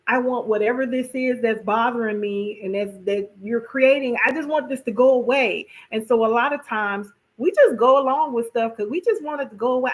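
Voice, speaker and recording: A woman hosting a casual wellness talk, chatty and expressive, often repeating herself and asking "right?". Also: a little high, normal speed, rough recording. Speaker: podcast host.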